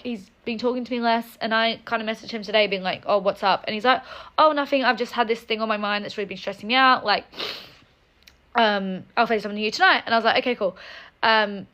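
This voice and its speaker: A young woman telling a story time, fuming and upset, talking fast with lots of "like" and swearing. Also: on the high side, fairly bright tone, dull audio. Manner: angry, fast, swears a lot, many "like"s. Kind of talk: casual storytime rant.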